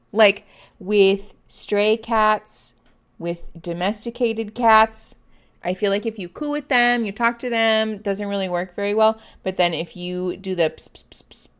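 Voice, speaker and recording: A woman's voice: mid-range voice, a bit bright, clear, resonant tone. A woman therapist hosting a casual live stream, chatting and laughing often as she reads viewer comments. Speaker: therapist and livestream host.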